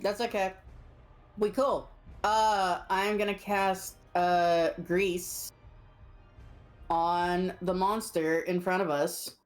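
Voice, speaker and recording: A woman playing in a tabletop game over a voice call, relaxed and joking while she plans her turn. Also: lowish voice, extremely slow, faint music behind. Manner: relaxed, joking, thinks aloud with fillers. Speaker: player.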